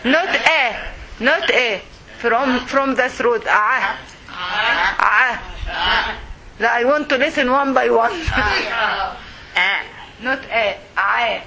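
A woman teaching a Quran recitation class, slow and patient, repeating words for her students to echo. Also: on the high side, gravelly, crowd noise.

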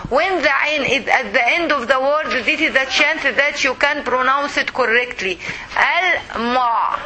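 Bright high-voiced woman teaching recitation. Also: slight background noise, low-quality recording. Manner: patient, repeats words slowly syllable by syllable. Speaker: Quran reading teacher. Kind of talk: classroom recitation lesson.

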